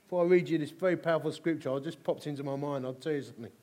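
A man's voice: a little high, racing. A middle-aged man preaching a sermon, telling stories with humour and emphatic repetition. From England. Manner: animated, humorous, emphatic repetition. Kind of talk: sermon with storytelling.

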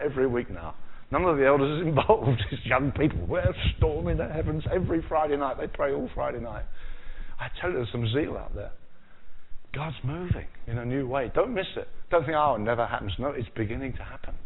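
Animated preacher, tinny sound. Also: male voice, fairly high pitch, husky. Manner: animated, jokey, acts out quotes. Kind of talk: sermon.

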